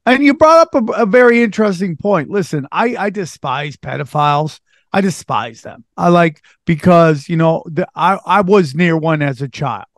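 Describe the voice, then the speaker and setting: Podcast host guy, kinda high voice, earnest and halting, dead dry mic. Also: expressive, no echo. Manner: earnest, halting, restarts when serious. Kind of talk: casual chat.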